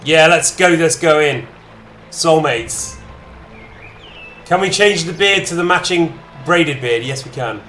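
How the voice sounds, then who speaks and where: A man's voice: on the high side, slow pace, sharp tone, faint music behind. Man streaming a strategy game. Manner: chatty, reacting to chat and menus in short bursts. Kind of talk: casual gameplay commentary.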